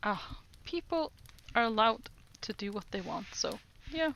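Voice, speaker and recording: Slow-talking giggly woman streamer. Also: fairly high pitch, lively intonation, highs cut off, slight background noise. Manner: repeats phrases slowly, giggles, greets chat brightly. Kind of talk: casual livestream chat while practicing French.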